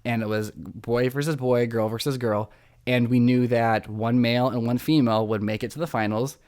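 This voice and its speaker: Young man, podcast host, casual recap, excitable, dramatic. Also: medium pitch, normal speed. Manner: excitable, dramatic, acts out quotes.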